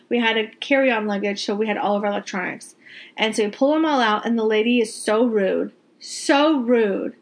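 Exasperated woman ranting, a bit high. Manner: exasperated, venting, swears freely; animated, emphatic repetition. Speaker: vlogger telling a travel story. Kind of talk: casual storytelling rant.

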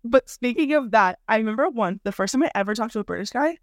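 A woman's voice: a little high, fast talker, dry recording, studio quality. A young American woman co-hosting a podcast, telling stories in casual chat and acting out the quotes. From United States. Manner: animated storyteller, acts out quotes. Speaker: podcast co-host. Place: Europe.

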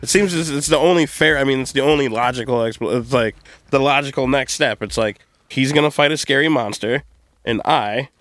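A man's voice: mid-range voice, fairly quick, a bit bright, no echo. A man hosting a podcast in casual, crude, rambling chat, joking around and slipping into silly voices. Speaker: podcast host.

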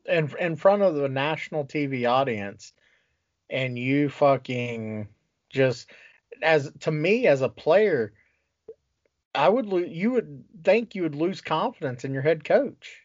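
Guy ranting about football, cussing a lot, slow talker, dry dull mic sound. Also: fairly high pitch, animated, no echo. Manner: profane, exasperated ranting. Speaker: podcast co-host. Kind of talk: casual sports talk.

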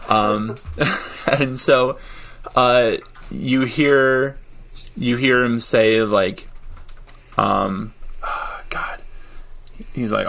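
A man narrating a tabletop role-playing game as game master, halting, with many ums and frequent laughter. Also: on the low side, a bit bright. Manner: halting, full of ums and likes, laughs often.

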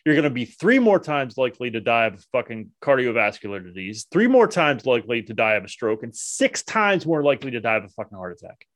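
A man's voice: mid-range voice, fairly bright tone. A man in an unscripted monologue, blunt and earnest, swearing often and restarting his sentences, owning that he is no expert. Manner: earnest, self-deprecating. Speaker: men's self-help vlogger.

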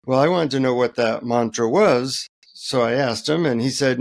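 Gravelly middle-aged man telling a story. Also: medium pitch, moderate pace, hardly any pauses. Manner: relaxed, anecdotal, many fillers. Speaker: guest author. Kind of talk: interview storytelling.

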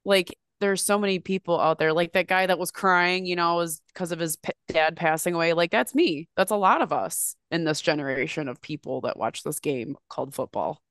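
A woman co-hosting a casual podcast, chatting and storytelling in an animated way, swearing freely and acting out quotes in a higher voice. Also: normal speed, hardly any pauses, dry recording, clean studio sound. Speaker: podcast co-host.

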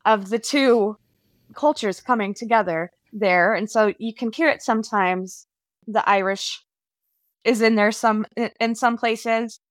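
A woman's voice: fairly high pitch, a little slow, dry recording. A woman guest on a podcast, chatting eagerly and playfully in a casual way.

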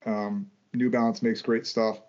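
A man's voice: lowish voice, little pitch movement, a little slow, a little mellow. A man co-hosting a podcast in casual conversation, ranting with plenty of swearing. He stumbles and restarts his sentences as he goes. The sound is dull and lo-fi. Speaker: podcast co-host. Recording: dull lo-fi audio.

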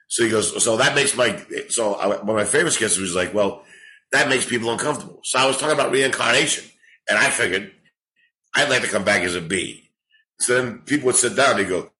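A man with a lowish voice chats casually on a podcast, rambling through stories with plenty of swearing. He is a comedian in his forties, and his delivery is loose and animated. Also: fairly quick, rough recording. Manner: rambling, profane, animated storytelling. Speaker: comedian guest.

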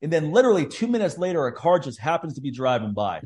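A man hosting a podcast, telling stories in a loose, animated way, laughing often and acting out the people in them. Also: fairly high pitch, fast talker. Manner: animated storyteller, laughs often, acts out voices. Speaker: podcast host. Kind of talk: casual chat, storytelling.

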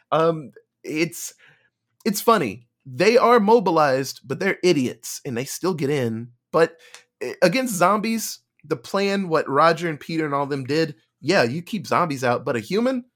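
Animated man retelling a movie plot. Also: a little high, measured pace. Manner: animated retelling with acted-out quotes and laughter. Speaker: podcast co-host. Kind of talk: casual movie review chat.

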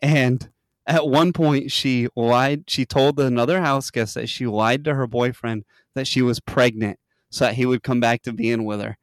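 A podcast host with a medium-pitched voice and moderate pace retells a reality show in casual chat. He's an animated storyteller who swears a lot and acts out quotes in a raised voice, with no room sound on the recording.

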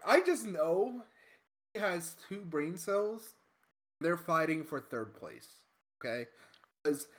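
A man in casual chat telling a road-rage story, swearing often and filling his speech with "like" and "okay?". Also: sits high. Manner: profane, animated storytelling with many fillers.

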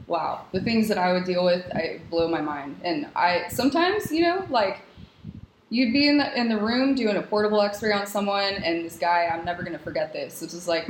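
A young woman with a lowish voice tells stories in a chatty, rambling way, leaning on "like" and "you know". Her voice carries in a roomy space. Steady background noise sits behind it. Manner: chatty, filler-heavy storytelling with frequent "like". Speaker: guest, X-ray technologist. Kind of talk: casual podcast conversation.

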